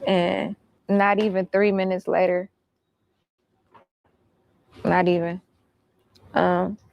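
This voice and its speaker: A woman's voice: on the low side, flat delivery, takes it slowly, gravelly, lo-fi sound. A woman recounting events in casual storytelling, blunt and profane.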